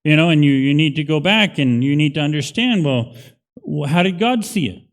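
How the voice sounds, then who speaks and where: Male pastor, sermon, conversational and emphatic, slightly high voice, long hall reverb. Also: lively intonation, moderate pace. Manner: conversational, emphatic preaching with rising intensity. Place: church sanctuary.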